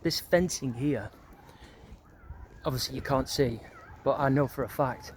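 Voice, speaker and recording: A man's voice: medium pitch, a little slow, a little hiss or hum. Rambling middle-aged man outdoors. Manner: rambling, loose, full of "kind of, sort of, like", swears freely. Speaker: vlogger. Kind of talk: casual walking reminiscence. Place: outdoors walking around a residential neighbourhood.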